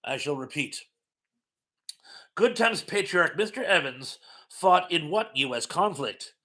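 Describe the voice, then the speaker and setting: Reading questions and viewer comments on a casual trivia live stream, a middle-aged man talks a little slowly in a bright, forceful, slightly high voice. He's chatty and pokes fun at himself, laughing easily and tripping over his words.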